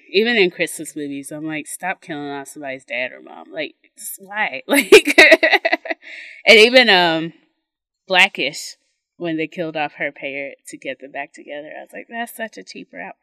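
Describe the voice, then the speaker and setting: A woman co-hosting a podcast in casual chat, animated and laughing often as she acts out her own reactions. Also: low voice, no room sound. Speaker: podcast co-host.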